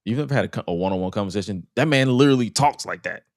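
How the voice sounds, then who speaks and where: A man's voice: fairly low pitch, racing, dry recording, clean studio sound. A man with a Southern US accent co-hosting a casual wrestling podcast, telling stories and laughing often. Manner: laughs often, animated storytelling. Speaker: podcast co-host.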